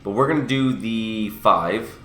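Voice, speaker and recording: A man's voice: on the low side, unhurried, bright, forceful tone, echoey room, faint music behind. A young man with a cold, sniffly and a bit under the weather, casually walking viewers through a mobile game and correcting himself as he goes. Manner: explanatory, self-correcting. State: sick and sniffly. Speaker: gaming channel host. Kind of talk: casual game walkthrough commentary.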